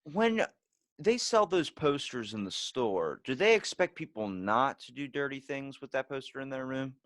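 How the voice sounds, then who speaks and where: A man in casual chat, telling stories and acting out the lines of others with sudden loud jumps. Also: medium pitch, moderate pace, no room sound. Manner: animated storyteller, acts out quotes loudly.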